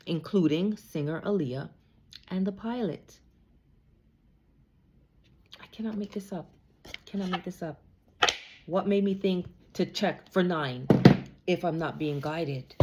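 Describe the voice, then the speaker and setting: A woman with a low voice gives a tarot reading, repeating herself as she works through the cards. Her speech is emotional and intense. Clear background noise sits under her voice, along with the sound of cards being shuffled. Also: measured pace, pauses often. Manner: emotional, repeats phrases, drifts into soft sung lines. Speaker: tarot reader.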